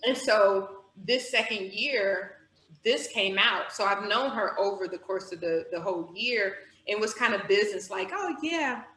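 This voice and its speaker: A woman in her forties tells a personal story as a podcast guest, acting out her thoughts and reactions. Her voice is bright and clear. The room gives it a noticeable echo. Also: mid-range voice, fairly even intonation, moderate pace.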